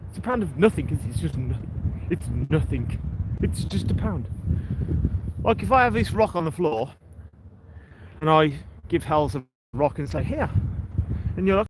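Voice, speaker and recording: A man's voice: fairly high pitch, big pitch swings, moderate pace, long pauses, background noise. Chatty man outdoors. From England. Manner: chatty, rambling, talks to viewers by name. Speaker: livestream host. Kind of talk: casual walking livestream chat. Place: outdoors on a seaside breakwater.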